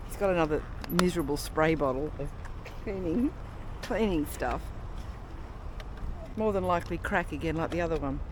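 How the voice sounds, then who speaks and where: A woman's voice: sits low, moderate pace, pauses often. A middle-aged Australian woman chatting wryly and bluntly as she films a travel vlog outdoors, swearing casually. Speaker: travel vlogger. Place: outdoors in a town, by motorbikes. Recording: outdoor recording with clear street noise.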